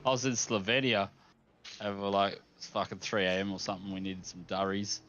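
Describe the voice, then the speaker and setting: A man telling stories in casual chat during a sim racing stream, animated and full of swearing. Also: fairly low pitch, a little fast, muffled recording, a little hiss or hum. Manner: animated, profane storyteller.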